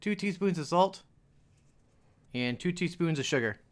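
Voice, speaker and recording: A man's voice: fairly high pitch, animated, measured pace. A young adult man hosting a casual home cooking video, walking viewers through a recipe with jokey asides in a home kitchen.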